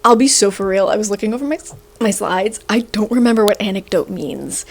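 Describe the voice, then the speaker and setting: A woman's voice: mid-range voice, brisk, slight background noise. A young woman hosting a video, ranting in a casual, sarcastic and rambling way, a little short of breath. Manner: animated, sarcastic, rambling with fillers. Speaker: video host. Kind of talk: casual rant to camera.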